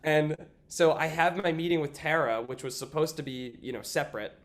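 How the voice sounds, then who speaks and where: A young man in an interview, telling a story in a lively casual way, often saying "like" and acting out what people said. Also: a little high, normal speed. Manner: animated, acts out quoted voices, frequent "like". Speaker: guest, stage actor.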